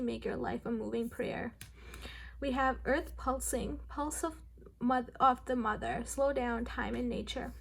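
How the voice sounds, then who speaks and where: Creaky-voiced woman giving a tarot reading. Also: sits high, slight background noise. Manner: rambling, filler-heavy, addressing viewers directly. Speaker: tarot reader. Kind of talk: pick-a-card tarot reading.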